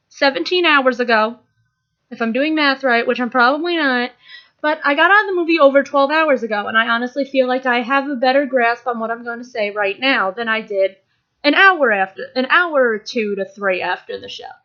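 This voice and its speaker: A woman's voice: sits high, dull audio. A young woman giving a casual, rambling, enthusiastic spoken film review, often restarting her sentences. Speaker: movie reviewer.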